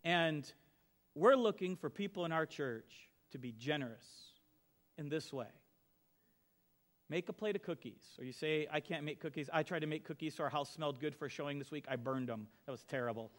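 A middle-aged man preaching from the pulpit in a fairly high voice. He talks like he is telling stories to friends, dropping to quiet asides and then pressing hard on key lines. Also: normal speed. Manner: conversational storytelling, swings from soft to emphatic. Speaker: pastor. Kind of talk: sermon.

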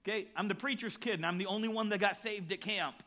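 A middle-aged male pastor preaching, telling a personal story with lively acted-out voices and then reading scripture aloud. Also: high voice, fast. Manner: animated storytelling, acts out shouts and voices.

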